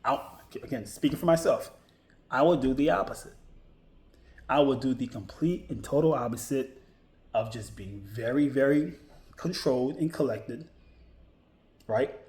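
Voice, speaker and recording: A man's voice: mid-range voice, normal speed, darkish tone. A man giving casual career advice to his viewers, emphatic, repeating his key points and often restarting his sentences. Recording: roomy echo.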